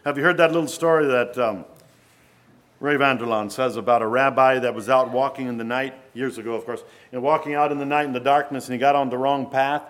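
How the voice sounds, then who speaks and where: A man's voice: medium pitch, steady tone, fairly quick, a bit bright. A man preaching a sermon in an earnest way, often asking his listeners rhetorical questions.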